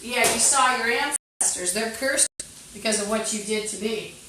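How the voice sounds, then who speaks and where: Agitated high-voiced woman ranting. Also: moderate pace, noisy background. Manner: agitated, profane, rambling with many fillers. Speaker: livestreamer. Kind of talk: rambling livestream monologue. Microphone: phone or camera mic.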